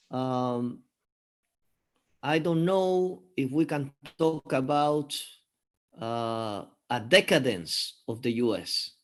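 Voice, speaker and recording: A man from Peru speaks slowly, weighing his words and pausing often on fillers. His voice sits a little high for a man. The talk is a relaxed, unscripted chat. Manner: thoughtful, hesitant with many fillers. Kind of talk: casual conversation. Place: live video call.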